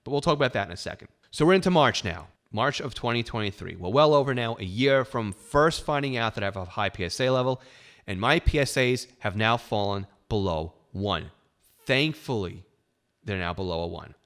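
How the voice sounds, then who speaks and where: A man's voice: mid-range voice, animated, fairly quick, fairly bright tone. A middle-aged man hosting a podcast, telling his own story in a candid, wry way with self-deprecating humor. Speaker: podcast host. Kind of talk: personal storytelling monologue.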